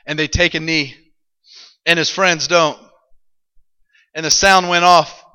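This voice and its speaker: Bright, high-voiced preacher in a big hall. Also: male voice, takes it slowly, smooth. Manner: animated, dramatic retelling. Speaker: pastor. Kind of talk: sermon storytelling.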